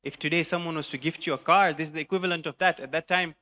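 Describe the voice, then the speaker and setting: A male preacher with a bright, forceful and fairly high voice carries a story sermon. He narrates in English and drops in recited Arabic phrases as he goes. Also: fairly even intonation, very fast. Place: mosque hall.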